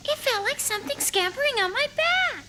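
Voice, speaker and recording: A woman's voice: extremely high pitch, very animated, brisk, very noisy. Snork Maiden, a dreamy girlish creature. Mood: wondering. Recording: cartoon dub over clear music.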